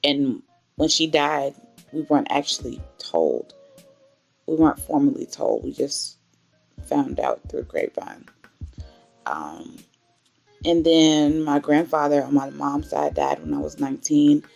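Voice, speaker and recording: Low, gravelly woman vlogger. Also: very animated, a little slow, pauses often, darkish tone, soft background music. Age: 20s. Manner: emotional, candid storytelling. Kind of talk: personal faith vlog.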